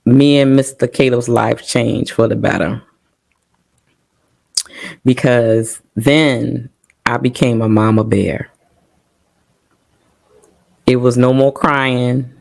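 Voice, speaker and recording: A middle-aged woman sharing an emotional personal testimony on a talk show, full of fillers and trying not to cry. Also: extremely low pitch. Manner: emotional, holding back tears, many fillers. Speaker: podcast guest sharing testimony.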